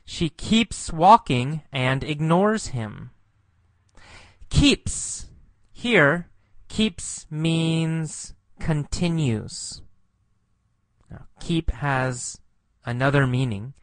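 A man teaching English slowly and patiently, repeating words and explaining what they mean. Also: on the high side, animated, no room sound.

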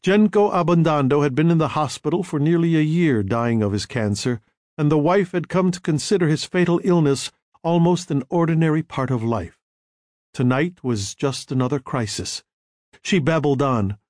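A man narrating an audiobook in a measured, even manner. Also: a little high, dry recording, studio quality.

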